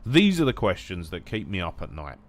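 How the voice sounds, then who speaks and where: A young English man chatting casually while gaming, jokey and rambling, with some swearing and bursts of loud mock shouting. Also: low-pitched, huge pitch swings, a little fast. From England. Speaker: gaming streamer.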